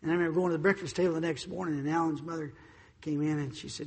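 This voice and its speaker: Husky-voiced preacher in a reverberant hall. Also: male voice, fairly high pitch, very fast. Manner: animated storyteller, acts out voices, swings loud and soft. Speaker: pastor. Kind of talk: sermon with personal stories.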